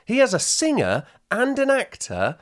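A woman's voice: fairly high pitch, wildly swooping pitch, measured pace. A woman co-hosting a podcast, chatting casually and telling long, rambling stories. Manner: long-winded, rambling storyteller. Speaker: podcast co-host. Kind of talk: casual chat.

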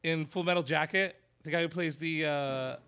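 A man's voice: a little high, steady tone, moderate pace, bright, forceful tone, smooth. A man co-hosting a podcast in casual chat, chatty and rambling, often laughing. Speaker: podcast co-host.

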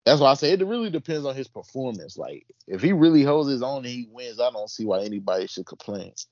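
A man's voice: medium pitch, sing-song, quick pace, dry recording, dull audio. Laid-back man chatting about wrestling. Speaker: podcast co-host. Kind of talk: casual wrestling chat.

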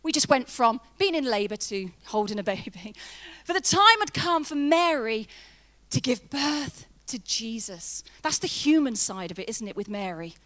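A woman's voice: a little high, big pitch swings, moderate pace, fairly bright tone. A woman in her thirties preaching a sermon, telling a personal story in a chatty, humorous way with emphatic build-ups.

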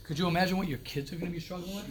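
Emphatic high-voiced man rabbi. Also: fairly even intonation, very fast. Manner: emphatic, repeats phrases, mixes in Hebrew and Yiddish words. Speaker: rabbi giving a talk to yeshiva students. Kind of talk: informal talk to students.

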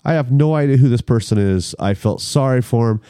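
A man telling a story in a casual chat, animated and acting out the people in it. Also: mid-range voice, a little fast, smooth, no echo, studio quality.

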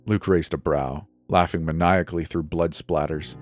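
A man with a very deep voice narrates a horror story in a measured, dramatic way. Faint music plays underneath. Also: level tone.

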